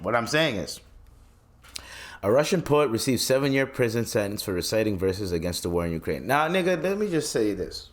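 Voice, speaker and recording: A man's voice: medium pitch, big pitch swings, moderate pace. A man hosting his own podcast, ranting loosely and swearing freely, with lots of restarts. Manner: loose and rambling, with many restarts. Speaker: podcast host. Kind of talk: solo podcast rant.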